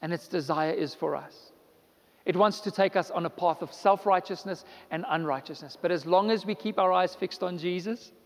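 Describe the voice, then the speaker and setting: High-voiced man preaching in a hall. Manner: preaching with rising emphatic repetition. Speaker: pastor. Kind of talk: sermon.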